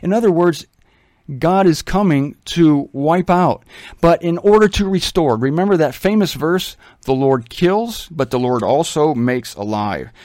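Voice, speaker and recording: A man's voice: on the high side, expressive, a little slow, a little mellow, no room sound, clean studio sound. Earnest man teaching the Bible on radio. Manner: earnest, pleading, emphatic.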